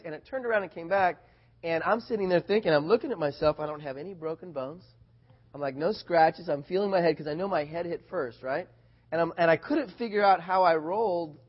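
A man preaching a sermon, telling a personal story in an animated, excited way and growing loud at its high points. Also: lo-fi sound. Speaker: pastor.

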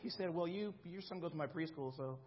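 A man's voice: on the high side, a little fast, dull audio, a little hiss or hum. A man in his thirties preaching a sermon in a conversational way, often checking in with the congregation. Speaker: pastor.

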